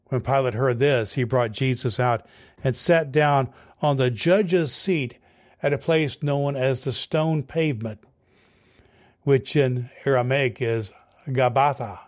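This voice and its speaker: Brief: male pastor, steady scripture reading, middle pitch. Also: unhurried.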